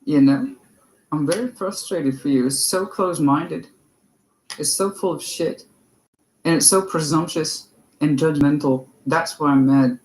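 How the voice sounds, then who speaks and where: A man's voice: fairly high pitch, a little slow, darkish tone, a little hiss or hum. A man giving a livestreamed tarot reading. He talks emphatically and bluntly and swears freely. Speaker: tarot reader. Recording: echoey room.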